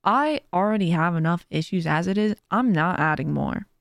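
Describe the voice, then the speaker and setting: A woman's voice: fairly low pitch, lively intonation, moderate pace, creaky, no room sound, studio quality. A woman hosting her own podcast, talking in a casual, heartfelt way and giving earnest, faith-driven encouragement. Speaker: podcast host and streamer. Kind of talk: casual motivational podcast monologue.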